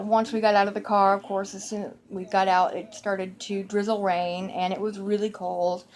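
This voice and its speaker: A woman's voice: medium pitch, darkish tone. A middle-aged woman telling a childhood story in a meandering, conversational way, full of asides and fillers. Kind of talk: personal storytelling.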